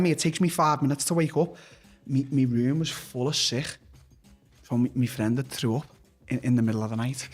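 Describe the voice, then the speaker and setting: Liverpool man, fighter guest on a podcast; husky, mid-pitched, candid, sweary, stop-start delivery. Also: a little fast. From Liverpool, England. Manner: blunt, swears constantly, restarts sentences. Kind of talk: candid personal storytelling.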